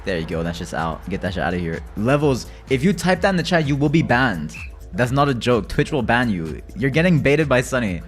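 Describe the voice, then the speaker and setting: A man's voice: sing-song, brisk, soft background music. Profane, rambling male game streamer. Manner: profane, loose and rambling, swings from low mutters to loud rants. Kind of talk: casual live-stream chat while gaming. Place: at home.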